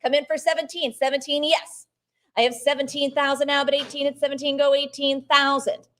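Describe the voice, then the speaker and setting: A woman auctioneer calling bids at a live auction, chanting numbers briskly and coaxing bidders to go one more, with short remarks about the art. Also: high-pitched, little pitch movement, a bit bright.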